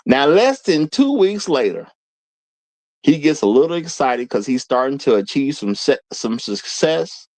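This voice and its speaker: A man's voice: mid-range voice, a little slow, dry recording, poor audio. A man hosting a live commentary stream, talking casually to his viewers and repeating points for emphasis. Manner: animated, repeats lines for emphasis, addresses viewers as y'all. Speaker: host of a live commentary show.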